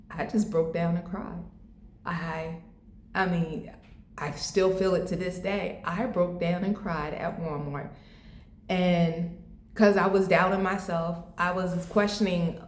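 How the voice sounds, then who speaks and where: A woman's voice: lowish voice, echoey room. A woman from the United States telling a personal story in a vlog, heartfelt and encouraging, close to tears at times. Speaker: vlogger.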